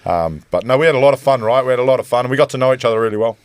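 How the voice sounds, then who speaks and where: A man, a podcast guest telling lively stories in casual chat. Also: medium pitch, very fast, smooth, no room sound. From New Zealand. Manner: animated storytelling, frequent laughter. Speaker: guest, former rugby player.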